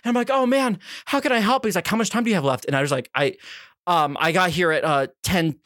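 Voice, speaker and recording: A man with a high, bright voice tells a story at a rapid clip, swearing freely and laughing as he goes. He plays out his own reactions as he talks. The sound is close and dry. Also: no room sound. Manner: animated, profane, laughing storyteller. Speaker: podcast co-host. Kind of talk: casual storytelling chat.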